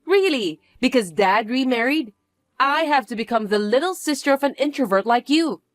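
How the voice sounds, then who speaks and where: A woman putting on a bratty, high-pitched spoiled stepsister. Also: animated, moderate pace, dry recording. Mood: smug, bratty. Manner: condescending, whiny and demanding. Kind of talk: dramatized story reading.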